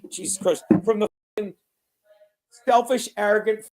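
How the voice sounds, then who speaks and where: A man's voice: high voice, fairly even intonation, moderate pace. Male livestream host, heated ranter who swears, keeps apologizing for interrupting. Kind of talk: casual chat.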